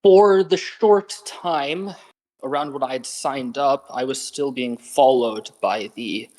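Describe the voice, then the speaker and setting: A man's voice: medium pitch, a little mellow, natural voice, poor audio. Man playing a weary exiled Knoll prince. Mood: solemn. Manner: slow, sighing and solemn.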